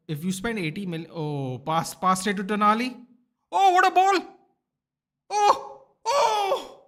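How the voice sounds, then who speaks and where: Man, watchalong host, chatty, rambling, slightly high voice, answers viewers. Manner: bursts into loud excited shouts at near misses. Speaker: livestream host. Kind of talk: live football watchalong commentary.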